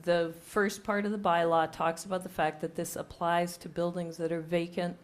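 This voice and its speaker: Speaking right up against a table microphone in a town meeting room, a hoarse woman who has almost lost her voice to a cold formally presents a proposed bylaw at a public hearing, explaining each step. Her voice is lowish and flat, at normal speed.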